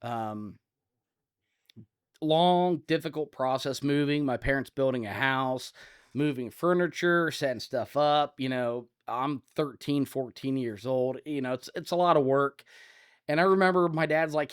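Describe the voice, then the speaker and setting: A man around forty from Ohio, co-hosting a podcast and telling loud, animated stories in casual chat. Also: mid-range voice, normal speed. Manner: loud, animated storyteller, acts out scenes. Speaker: podcast co-host.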